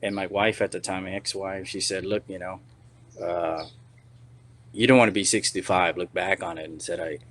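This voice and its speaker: Middle-aged guy, lowish voice, rambling podcast story, lots of you knows. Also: steady tone, normal speed, a bit bright. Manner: rambling, many restarts and "you know"s. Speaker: actor and podcast guest. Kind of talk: casual storytelling interview.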